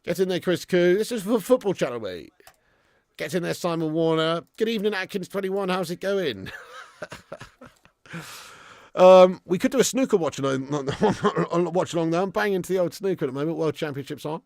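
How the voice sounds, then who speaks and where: A man's voice: high voice, lively intonation, normal speed, vocal fry, a little mellow, no room sound. A man hosting a live football watch-along, chatting casually, bantering, swearing freely and reading out viewer messages. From England. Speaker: live stream host.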